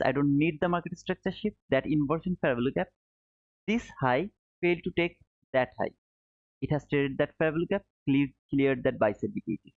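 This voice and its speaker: Male trading streamer, mid-range voice, tinny lo-fi audio, casual step-by-step chart commentary. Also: medium pitch. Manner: explains step by step, repeats points, calls viewers brother. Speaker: trading educator streaming live. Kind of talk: live chart commentary answering chat. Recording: narrow phone-like audio.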